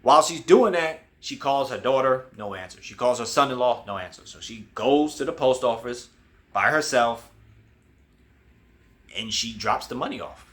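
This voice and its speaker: A man's voice: medium pitch, animated, fairly bright tone. A man hosting a casual movie review, retelling the plot and briefly acting out the characters' lines. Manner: acts out quoted characters with quick voice changes.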